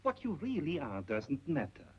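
An actor playing an ingratiating male shop owner who talks in a coaxing, flattering way, in 1930s film acting. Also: a little high, normal speed, slightly rough, full character voice, rough recording. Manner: coaxing, flattering, sing-song.

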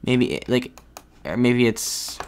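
A man's voice: mid-range voice, slow pace, a little hiss or hum. A man giving thinking-aloud commentary while playing a geography game, hesitant and full of restarts. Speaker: gaming video creator.

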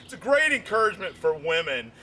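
High-voiced man rambling through stand-up. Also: fast, a little hiss or hum. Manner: rambling and repetitive, with frequent "you know"; voice jumps high when excited. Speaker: stand-up comedian.

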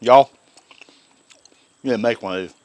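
A man's voice: mid-range voice, normal speed, a little mellow, highs cut off. A man hosting a casual cooking vlog, folksy and enthusiastic. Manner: folksy and enthusiastic, Southern phrasing. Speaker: cooking channel host. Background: griddle sizzling.

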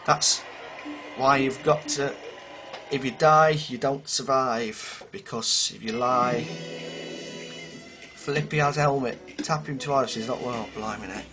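A man hosting a casual game commentary, rambling and self-mocking with sudden exclamations, his voice a little hoarse. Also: medium pitch, steady tone, slow pace. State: slightly hoarse voice. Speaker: gaming video host. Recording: game music behind voice.

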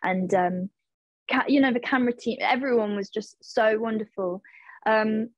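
A woman's voice: a little high, moderate pace, no room sound, lo-fi sound. A woman in her twenties, an actress answering interview questions casually, hesitant, with many fillers and restarts as she searches for words. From England. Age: 20s.

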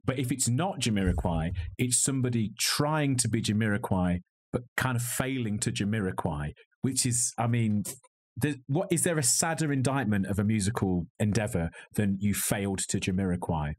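A man's voice: fairly low pitch, lively intonation, moderate pace, a little mellow. A man co-hosting a podcast, reviewing a film in a wry, joking, rambling way. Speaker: podcast co-host. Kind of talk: casual film review chat. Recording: slightly glitchy video call audio.

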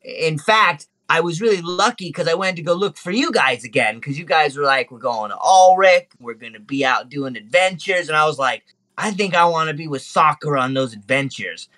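Man doing an excitable boastful monkey, pitched up, tabletop game. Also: moderate pace, no echo. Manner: gushing, excitable, bragging. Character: lovestruck little male white monkey, eager and boastful.

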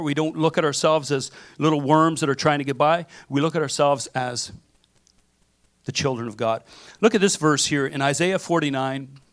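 Animated man preaching a sermon. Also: on the high side. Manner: animated storytelling with acted-out quotes. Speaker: pastor. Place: church sanctuary.

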